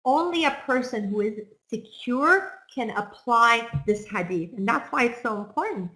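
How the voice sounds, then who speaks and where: A woman with a fairly high voice gives an encouraging talk as a counselor, earnest and direct. She often turns to her listeners with questions. The room around her rings with echo. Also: animated, normal speed, bright, forceful tone. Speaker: counselor speaking on self-esteem. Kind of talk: talk to an audience.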